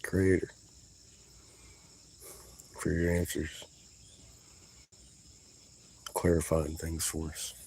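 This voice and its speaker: Low, mellow-voiced man ranting outdoors for a vlog, cursing and worked up. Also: level tone, takes it slowly, slight background noise, low-quality recording. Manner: profane, agitated, exclaiming. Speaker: vlogger. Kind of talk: rambling vlog monologue. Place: outdoors in a yard.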